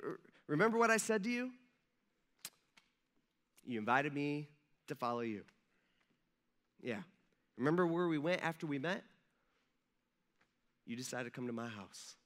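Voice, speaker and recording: A man's voice: a little high, bright, forceful tone. A man, a pastor, preaching a casual sermon and acting out the lines of biblical figures in a conversational way. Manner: conversational, acts out dialogue voices. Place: church sanctuary.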